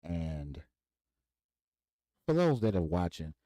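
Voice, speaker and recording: A Mississippi man hosts a podcast, casually telling a story in a low voice at a slow pace. He's animated, acting out the voices of the people in quoted dialogue, and the recording is dry.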